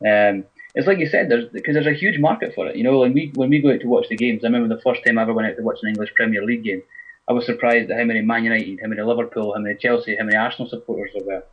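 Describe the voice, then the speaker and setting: Scottish guy rambling fast on a podcast, lots of you knows, dull muffled sound. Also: medium pitch, husky. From Scotland. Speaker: guest football writer. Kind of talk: casual podcast chat.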